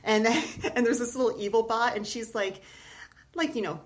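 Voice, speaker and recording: A woman's voice: on the high side, moderate pace. A middle-aged woman, a children's book author, chatting casually as a podcast guest and laughing often.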